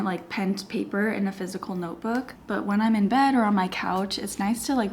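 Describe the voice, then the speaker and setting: Chatty young woman vlogging, soft asides. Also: mid-range voice, a little hiss or hum. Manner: chatty, often drops to a soft whisper. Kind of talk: casual vlog chat. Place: home studio.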